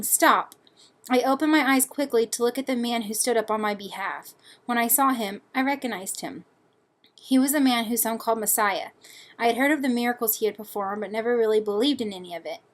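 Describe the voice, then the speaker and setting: A young woman reads her essay aloud in an earnest, measured way. Her voice sits fairly high, and she takes her time with each sentence. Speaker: student. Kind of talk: reading a personal essay aloud.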